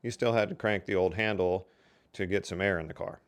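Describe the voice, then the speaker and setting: A man's voice: deep voice, steady tone, fairly quick. An older man telling casual stories from his working life in a folksy, chatty way. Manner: folksy and chatty, with lots of "so anyway" and "you know". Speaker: storyteller. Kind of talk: casual storytelling.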